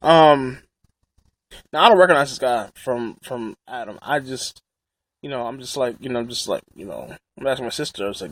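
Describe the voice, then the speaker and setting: A man's voice: medium pitch, expressive, normal speed, a little hiss or hum. A young man telling a story in a rambling, indignant way, with frequent restarts, as a casual vlog rant. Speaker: vlogger.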